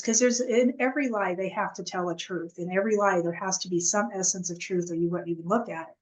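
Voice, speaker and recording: A woman as an interview guest, telling her story earnestly in a halting, casual way with many restarts. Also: fairly low pitch, poor audio.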